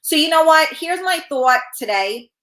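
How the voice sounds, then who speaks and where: Blunt sweary lady host chatting on a live stream, kinda sharp voice, sniffly nose. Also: high voice, expressive, a little slow. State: runny nose. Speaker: talk show host reading viewer comments. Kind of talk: casual live-stream chat.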